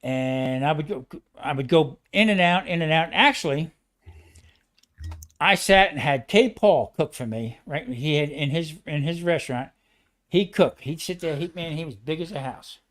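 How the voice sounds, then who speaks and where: A man rambles through stories in casual chat, jumping in excitedly and restarting his sentences. His voice sits a touch higher than most men's. He talks like a retired chef swapping tales with friends. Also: moderate pace.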